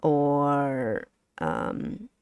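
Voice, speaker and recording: A low-voiced woman, to the language, running a live-stream pronunciation lesson. She speaks slowly and haltingly, repeating words and giggling, and the sound is close and dry. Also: big pitch swings, a little mellow, clear, resonant tone, no room sound. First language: Vietnamese. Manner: hesitant, restarts words, giggles often.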